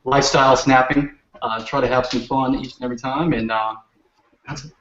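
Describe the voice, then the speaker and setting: A man, a guest on a casual video call, relaxed and easygoing. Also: medium pitch, normal speed, slight background noise. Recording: echoey distant call audio, lo-fi.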